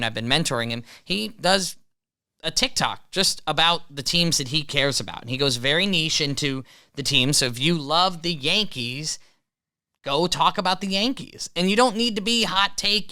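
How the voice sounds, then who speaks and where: A young co-host with an exceptionally bright, smooth voice, pitched a little high. He talks casually and earnestly, leaning on fillers as he encourages the audience. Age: young adult. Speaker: podcast co-host. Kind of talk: casual chat.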